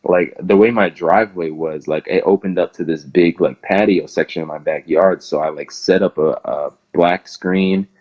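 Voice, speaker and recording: Young male interview guest, deep low voice, loose rambling delivery heavy on "like". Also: fairly even intonation, normal speed, few pauses, dull audio. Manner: rambling, fills nearly every phrase with "like". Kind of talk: casual interview storytelling.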